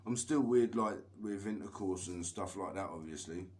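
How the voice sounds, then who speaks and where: A man's voice: sits low, normal speed, noisy background. A man telling a long rambling story on a live stream, swearing constantly and laughing between lines. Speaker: livestreamer.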